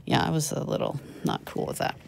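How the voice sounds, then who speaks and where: A middle-aged woman hosting a casual panel chat, talkative and quick to laugh, often correcting herself. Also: slight background noise. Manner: chatty, laughing, self-correcting. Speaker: show host.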